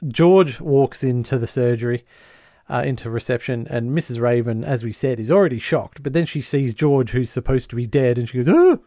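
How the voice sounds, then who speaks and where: A mid-pitched man co-hosting a podcast walks through a sitcom plot in a casual, storytelling way. He is animated and slips into character voices as he goes. The sound is close and dry. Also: fairly quick, no echo. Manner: animated storyteller who acts out quotes. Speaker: podcast co-host. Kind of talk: casual episode recap.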